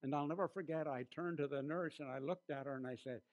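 A male pastor preaches a sermon in a slightly higher voice. He leans hard on key phrases, slowing each word. He sinks into a hushed tone when he tells a story. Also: muffled recording. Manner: preaching with emphatic slowed phrases and quiet storytelling asides.

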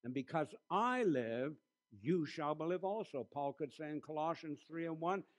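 A man preaching a sermon as a pastor. He slows down to stress key phrases and drops his voice softly for quiet storytelling. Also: a little high, animated.

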